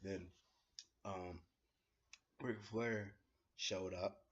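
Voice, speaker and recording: A man giving a casual spoken review of a wrestling show, retelling it in an excitable, slangy way with plenty of fillers. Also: sits low, drawn-out words, breathy edge, dull audio.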